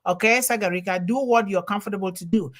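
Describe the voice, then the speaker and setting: A woman who is not a native English speaker hosts an internet livestream from home with an effusive, grateful manner. She greets viewers one after another by name and reads their comments aloud. Her voice sits at an ordinary pitch. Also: fast. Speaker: host. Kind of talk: live online show greeting viewers. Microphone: home livestream over internet.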